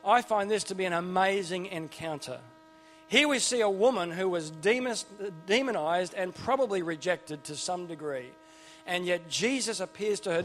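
A man preaching an informal sermon, enthusiastic and chatty, often restarting his sentences and drifting into asides. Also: high-pitched. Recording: long reverb with faint music behind.

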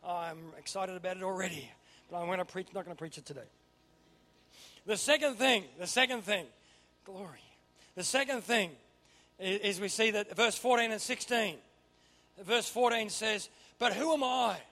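Male pastor, high bright voice, animated preaching, sudden loud emphasis. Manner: animated, swings from quiet to loud emphatic bursts. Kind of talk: sermon.

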